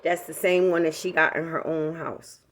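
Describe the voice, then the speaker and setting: A woman's voice: low-pitched, level tone, moderate pace, slight background noise. A woman tells a casual, profane storytime to her viewers at home. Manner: profane, chatty, talks straight to viewers. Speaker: vlogger. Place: home, indoors.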